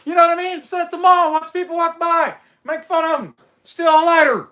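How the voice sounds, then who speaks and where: A man's voice: very high-pitched, steady tone, brisk, sharp tone. A man hosting a woodcarving channel, rambling through a casual joking monologue full of wisecracks.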